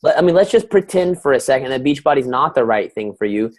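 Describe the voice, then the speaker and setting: A man's voice: medium pitch, expressive, fast talker. A man who is a guest coach on a casual call, upbeat and self-deprecating.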